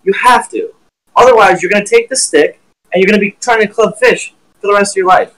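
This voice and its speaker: A man teaching trading on a live stream with blunt, profane, animated talk while sharing his screen. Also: high voice, brisk, rough recording.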